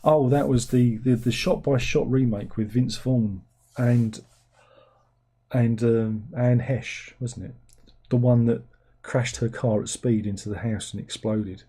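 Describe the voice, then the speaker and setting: A man hosting a livestream, rambling sardonically through viewers' comments with sudden incredulous squeaks. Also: steady tone, unhurried, dark tone, husky. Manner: rambling, sardonic, with incredulous high-pitched outbursts. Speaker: livestream host reading chat. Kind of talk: casual chat.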